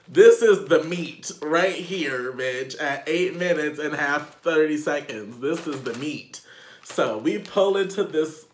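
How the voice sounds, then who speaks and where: A young man telling a casual storytime on his vlog, animated and profane, laughing as he goes. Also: medium pitch, a little hiss or hum. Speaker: vlogger. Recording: echoey room.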